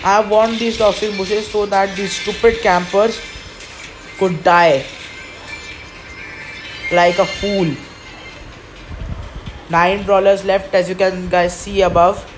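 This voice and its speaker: A woman talks over her own match in a slow, unhurried way, grumbling and pleading as things go wrong. Her voice sits at a middle pitch, and game music plays clearly behind her. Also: fairly even intonation, low-quality recording. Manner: frustrated, complaining, pleading. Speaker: gaming commentator. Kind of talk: live gameplay commentary.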